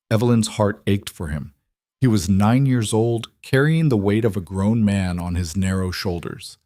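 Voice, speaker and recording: A male narrator reads a western story in an even, measured way. His voice is low and the recording is dry and close, with no room sound. The delivery is steady and scripted throughout. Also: dry recording.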